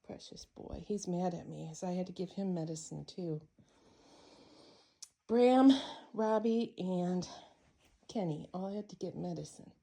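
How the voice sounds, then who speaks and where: A woman filming a casual vlog while looking after her cats, speaking softly, cooing to them and pausing often with fillers. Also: on the low side, creaky. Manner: hesitant, with many fillers. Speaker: cat caretaker.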